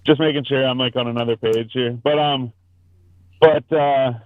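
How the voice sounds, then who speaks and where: A man's voice: mid-range voice, steady tone, normal speed. A man rambling through a long, profane story as he hosts a casual podcast chat. His voice comes through a thin, phone-like video call line. The sound is dry, with no room echo. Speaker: podcast host.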